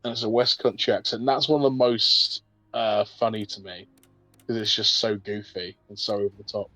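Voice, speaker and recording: Chatty Brighton-accented man. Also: on the low side, fairly even intonation, a little fast, no room sound, faint music behind, poor audio. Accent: Brighton English. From southern England. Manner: chatty, rambling, full of fillers. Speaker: streamer. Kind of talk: casual chat on a gaming stream.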